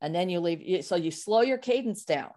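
A woman sales coach speaking as a podcast guest, explaining in an animated, emphatic way with vivid examples. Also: lowish voice, fairly quick. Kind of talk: casual interview talk.

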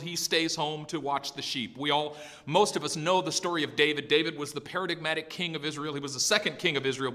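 A man's voice: fairly high pitch, bright, forceful tone, long reverb tail. A male pastor preaching an emphatic, storytelling sermon with lots of repetition in a church.

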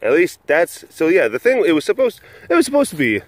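A man's voice: on the high side, wildly swooping pitch, quick pace, no room sound. A middle-aged man hosting a casual vlog, talking in a rambling, hesitant way with many fillers. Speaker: big cat sanctuary vlogger.

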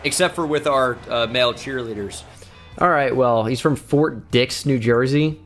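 A man's voice: medium pitch, moderate pace, fairly bright tone, soft background music. A young man giving casual, profane, joking commentary while playing a video game. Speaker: gaming YouTuber.

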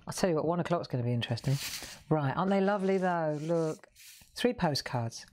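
A woman's voice: low-pitched, lively intonation, brisk, a little mellow, a little hiss or hum. Chatty woman hosting a craft stream. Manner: chatty, playful, sings snippets and jokes with viewers. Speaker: craft show host. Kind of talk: live craft stream chat.

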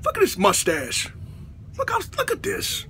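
A man delivering a profane, exasperated comedic rant to camera as a vlogger, often bursting into shouts. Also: high voice, wildly swooping pitch, normal speed, vocal fry, slight background noise.

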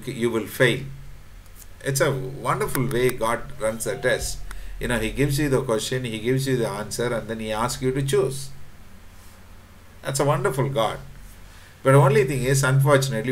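A man preaching a sermon to his congregation, pausing often with fillers and repeats, reading and quoting scripture aloud. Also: mid-range voice, slight background noise. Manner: halting, repeats words, frequent fillers, quotes scripture; addresses congregation directly.

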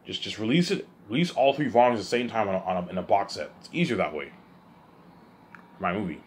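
A man's voice: fairly low pitch, expressive, fast, a little hiss or hum. A young man rambling in a casual vlog monologue, stumbling over repeated words and often checking whether the listener follows. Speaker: vlogger.

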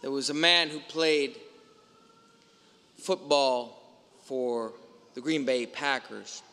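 A man's voice: mid-range voice, steady tone, slow, pushed and bright, smooth. A man preaching a sermon as a priest, telling a story and asking emphatic rhetorical questions. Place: large church. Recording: long church reverb.

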